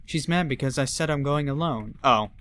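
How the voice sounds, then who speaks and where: A man's voice: mid-range voice, normal speed, a bit bright, a little hiss or hum. A man giving casual gameplay commentary, ranting with exasperated profanity and jokes. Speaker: let's play commentator.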